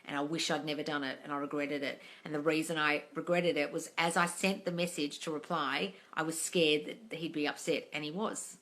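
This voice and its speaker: Bright-voiced woman swearing through a live Q&A. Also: low-pitched, fairly even intonation, brisk, hardly any pauses. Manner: blunt, swears freely, calls viewers darling. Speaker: manifesting coach answering live questions. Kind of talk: casual live-stream Q&A reading comments.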